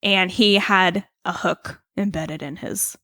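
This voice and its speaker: A woman co-hosting a podcast, telling a story in casual chat with quick asides and a giggly manner. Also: fairly low pitch, steady tone, fairly bright tone, no room sound, studio quality. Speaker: podcast co-host.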